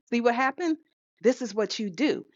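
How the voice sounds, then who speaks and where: A woman's voice: on the high side, animated, unhurried, darkish tone, no echo, voice pushed up. A woman voicing an exasperated adult son confronting his mother, with rising, pleading emphasis. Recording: dull lo-fi sound.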